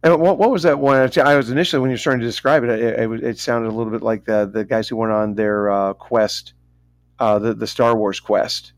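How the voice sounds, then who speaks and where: A man's voice: medium pitch, steady tone, fairly quick, no echo. Podcast guy rambling and tripping over names, middle voice, dry mic. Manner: rambling, stumbles over names, self-mocking asides. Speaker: podcast co-host. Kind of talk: casual chat.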